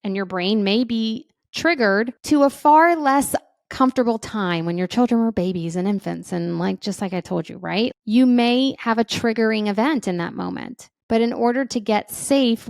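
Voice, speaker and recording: A woman, a parenting educator, talking casually to parents and checking in often with a quick question. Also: medium pitch, a little mellow, no echo, studio quality. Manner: conversational, often checks in with "right?"; acts out feelings and inner voices. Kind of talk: casual advice talk.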